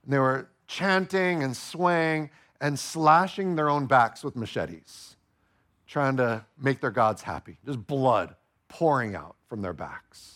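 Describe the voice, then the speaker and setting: A male pastor preaching a sermon, playful and animated, acting out the voices of the people in the story. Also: medium pitch, slow.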